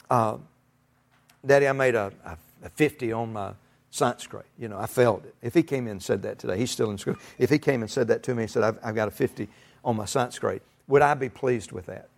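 Speaking at medium pitch with vocal fry, a middle-aged man preaches. His sermon is folksy and emphatic, and it rises to shouts and laughter.

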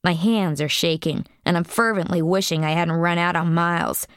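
A woman's voice: on the low side, fairly even intonation, normal speed, smooth, dry recording, clean studio sound. A woman narrating an audiobook in a blunt, profane first-person voice.

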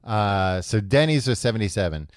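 A man's voice: fairly low pitch, animated, normal speed, clean tone, dry recording, studio quality. A man co-hosting a comedy podcast, casually reading out a list with sarcastic teasing. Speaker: podcast co-host.

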